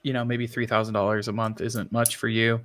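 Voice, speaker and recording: On a tech podcast, a male host chats casually in a lowish voice at a slightly quick pace. He pokes fun at himself and quotes other people in lively voices.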